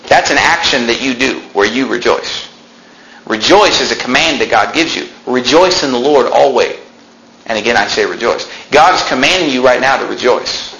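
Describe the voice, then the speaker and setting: Bright-voiced preacher in an echoey church. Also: male voice, mid-range voice. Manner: preaching with rising intensity, reading scripture aloud. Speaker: pastor. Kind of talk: sermon. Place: church sanctuary.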